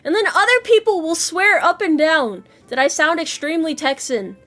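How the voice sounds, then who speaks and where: Woman, casual stream chat, playful, swears, laughs a lot, high voice, lively swings. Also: a little fast, hardly any pauses, soft background music. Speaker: VTuber streamer.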